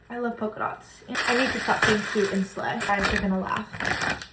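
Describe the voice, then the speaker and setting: A young woman chatting excitedly as she unboxes gifts for her vlog, gushing over each item. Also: mid-range voice, moderate pace. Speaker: lifestyle vlogger. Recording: echoey room, noisy background.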